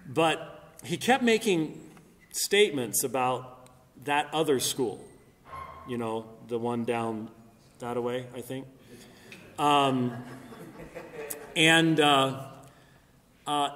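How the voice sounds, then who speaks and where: Emphatic middle-aged man lecturing in a reverberant hall. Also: fairly high pitch. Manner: emphatic, argumentative, rising loud on key points; frequent fillers and restarts. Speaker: Christian apologist speaker. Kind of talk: apologetics lecture. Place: church hall.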